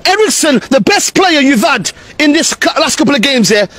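A man's voice: extremely high pitch, big pitch swings, normal speed, a bit bright. A man ranting outdoors as a football fan. He talks in exasperated bursts and uses a lot of slang. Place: outdoors in the rain.

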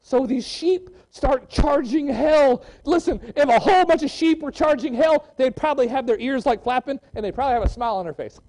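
Animated high-voiced male preacher. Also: a little fast, hardly any pauses, poor audio. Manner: animated preaching, swinging from loud exclamations to quiet scripture reading. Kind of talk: sermon. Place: church.

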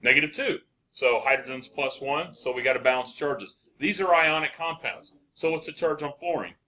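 A man lecturing a chemistry class with a bright, forceful voice. He poses questions to the room and answers them himself, praising right answers as he goes. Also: a little high, normal speed. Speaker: chemistry teacher.

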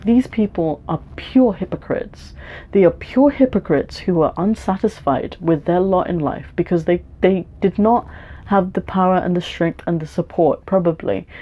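A woman's voice: on the low side, dark tone. Frank young woman ranting, lo-fi sound. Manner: frank, swearing, rambling with restarts. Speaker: vlogger. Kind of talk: personal rant to camera. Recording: dull lo-fi home video audio.

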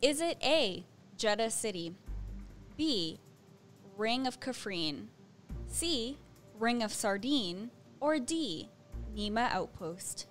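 A woman's voice: on the high side, expressive, slow pace, faint music behind. A woman co-hosting a podcast trivia game, keeping score and making dry, teasing remarks. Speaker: scorekeeper and co-host. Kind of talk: casual podcast banter.

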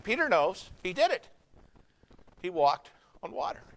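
A man preaching a sermon in a church service, folksy and conversational, swinging from hushed lines to loud ones. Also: sits high, big pitch swings, a little slow, creaky, poor audio. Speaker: pastor.

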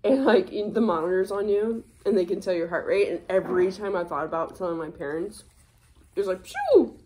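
A woman's voice: fairly low pitch, a little fast, a little hiss or hum. Candid young woman, casual storytelling. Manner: candid, swears freely, animated retelling. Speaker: vlogger.

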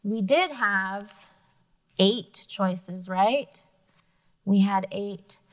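A woman teacher reading a picture book aloud during a math lesson, expressive and slow, giving the characters their own voices. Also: mid-range voice.

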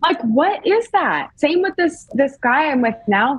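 A woman in her thirties chatting casually as a podcast guest, animated and rambling, laughing often. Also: high-pitched, a little slow, no echo. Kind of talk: casual chat.

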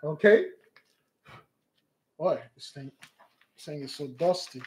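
Male stream host, high voice, unhurried, repeats himself with insistence. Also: animated. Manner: emphatic, repetitive, preachy. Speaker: online show host. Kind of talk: livestream commentary.

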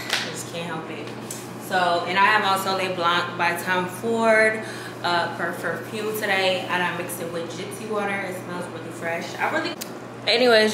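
A young woman vlogs in casual, slangy chatter, rambling to her viewers with fillers and asides and letting sentences trail off. She sounds tired and low-energy at first, with a mid-range voice. The recording is roomy and has background noise.

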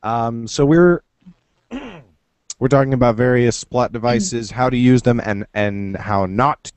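A man hosting a casual podcast over a video call, excitable and swearing freely, now and then slipping into quick impressions. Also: medium pitch, clear, resonant tone, dry recording. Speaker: podcast host. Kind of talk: casual chat. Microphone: computer over a video call.

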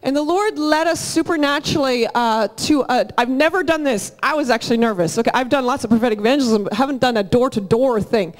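A woman, a church leader giving announcements and telling a lively testimony in a church auditorium. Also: high-pitched. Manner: lively storytelling, quick and energetic.

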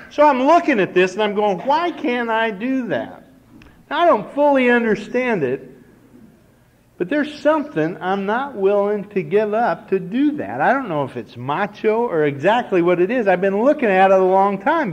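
A man's voice: high-pitched, big pitch swings, normal speed. A man in his forties from Nebraska telling a folksy, self-deprecating personal story to a recovery meeting. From Nebraska, United States. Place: conference hall. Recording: dull, slightly hissy old cassette tape.

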